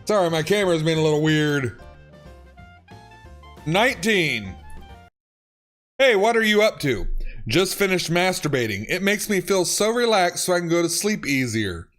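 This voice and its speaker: A man's voice: high voice, very animated, normal speed, long pauses, a bit bright, faint music behind. A man reading funny text messages aloud and reacting, laughing often and swearing. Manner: laughs often, reads lines with swearing and exclamations. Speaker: YouTuber reading autocorrect fails.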